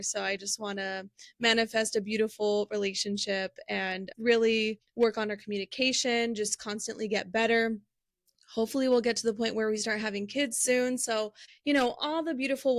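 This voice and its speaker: A woman's voice: medium pitch, a bit bright, dry recording. A young adult woman co-hosting a casual podcast chat, earnest and upbeat, laughing easily. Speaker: podcast co-host.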